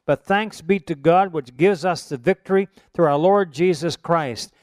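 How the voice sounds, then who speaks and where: A man's voice: on the high side, moderate pace, darkish tone, dry recording, studio quality. A man teaching a sermon, reciting Bible verses emphatically with rising, stressed phrases. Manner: emphatic, rises for scripture quotes.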